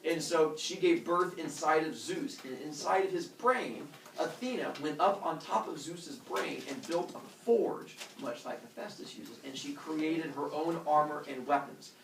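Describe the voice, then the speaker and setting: A male teacher retelling a myth to his class in a casual, animated way, full of fillers and sound effects. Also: on the high side, unhurried, vocal fry, hardly any pauses, slight background noise. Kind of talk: storytelling lesson. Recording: roomy classroom from far off.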